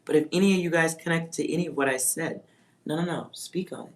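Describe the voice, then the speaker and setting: Talking at a quick pace in a low voice, a livestream psychic reader does a reading for her chat. She's musing as she reads out words, spells some of them, and throws in offhand swears.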